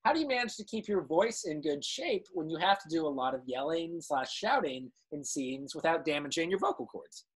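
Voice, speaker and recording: A man's voice: a little high, animated, a little fast, few pauses, slightly rough. Upbeat young male livestream host. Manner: upbeat, laughs often, reads viewer questions. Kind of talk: hosting a live interview show.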